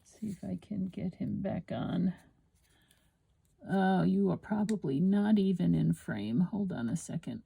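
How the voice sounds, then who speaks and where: Slow gravelly woman crafting aloud. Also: medium pitch, warm tone, no echo. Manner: thinking aloud, self-talk while working. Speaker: craft channel host. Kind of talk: casual crafting talk-through.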